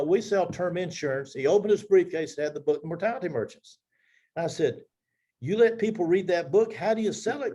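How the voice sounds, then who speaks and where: Older man with a mellow, higher voice. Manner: lively storyteller acting out quoted dialogue. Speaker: business leader speaking to his team. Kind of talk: personal storytelling talk.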